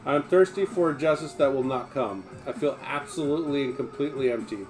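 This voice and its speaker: A man's voice: mid-range voice, a little fast, soft background music. Man reading aloud, blunt and profane. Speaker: streamer reading a memoir aloud. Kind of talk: reading a book aloud on a livestream.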